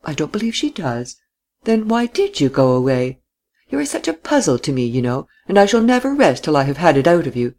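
A reader voicing a jolly young widow who speaks in high, distinct, teasing tones in a storybook reading. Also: big pitch swings, fairly quick, darkish tone.

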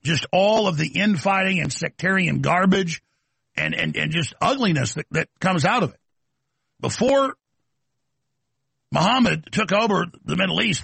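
A man's voice: fairly high pitch, vocal fry, fairly bright tone, husky, dry recording. A man hosting a talk show, delivering an aggressive, mocking rant. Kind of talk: combative talk show monologue.

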